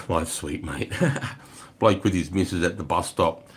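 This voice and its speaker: A man's voice: sits low, a little slow, slightly rough. A middle-aged Australian man chatting casually on a livestream, swearing freely as he tells stories. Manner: swears freely, relaxed storytelling. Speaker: livestream host.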